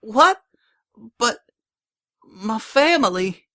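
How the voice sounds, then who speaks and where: An earnest country mare pony in a storybook reading, protesting in distress, as a man puts her on. Her voice runs high and strained, with lively leaps. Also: extremely slow, full character voice.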